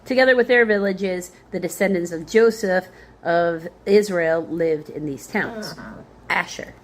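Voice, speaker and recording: A woman with a lowish voice works slowly through a Bible passage, spelling out difficult names letter by letter. She pauses to think aloud between verses. A faint hiss of noise sits under the recording. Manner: thinks aloud with fillers and small laughs. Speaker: Bible study leader. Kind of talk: reading scripture aloud with commentary.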